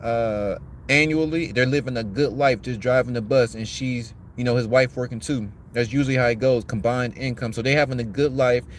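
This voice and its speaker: A man's voice: medium pitch, fairly even intonation, normal speed, hardly any pauses, slight background noise. A man hosting a commentary podcast, giving a blunt, profane, preachy rant.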